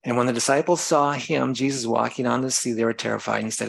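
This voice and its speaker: A male preacher with a gravelly, fry-edged voice, delivering a sermon. He reads scripture passages aloud and then explains them in plain terms. He sometimes stops to correct himself. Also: medium pitch, steady tone, fast, few pauses, poor audio.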